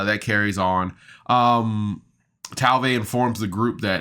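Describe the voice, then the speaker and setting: A man's voice: lowish voice, fairly even intonation, slow, sharp tone, clear, resonant tone. A man casually recapping a tabletop game episode on a podcast, chatty and enthusiastic, with laughs and fillers. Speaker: podcast reviewer.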